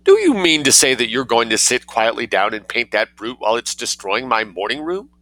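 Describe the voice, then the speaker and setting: A man's voice: fairly low pitch, sing-song, a little fast, dry recording, full character voice, poor audio. A man voicing a prim, indignant lady who scolds sharply in a storybook reading. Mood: outraged. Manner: haughty, sharp-tongued, easily outraged.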